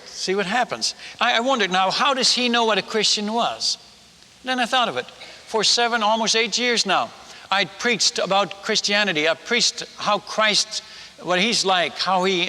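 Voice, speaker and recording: This man, a missionary, tells his story as a sermon with animated humor at his own expense, repeatedly stammering and starting over. His high, very bright voice echoes through a large hall with a long reverb.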